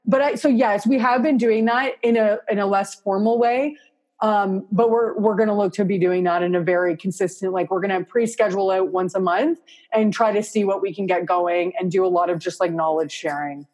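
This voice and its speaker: A woman's voice: medium pitch, fairly even intonation, brisk, a little mellow. A woman with a Canadian accent, an interior designer talking casually and at length in an interview, with many fillers. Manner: chatty, rambling, lots of fillers.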